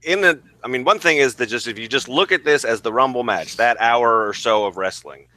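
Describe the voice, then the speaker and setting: A man's voice: medium pitch, fairly quick, sharp tone, dry recording. A man co-hosting a casual wrestling podcast, rambling with many fillers and some swearing. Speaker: podcast co-host.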